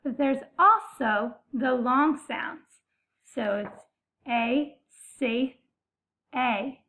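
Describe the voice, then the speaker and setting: A woman teaching a phonics lesson, saying each sound slowly and stretching it out for young learners. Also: high voice, pushed and bright. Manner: slow, deliberate, stretching out sounds. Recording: phone-like narrow sound.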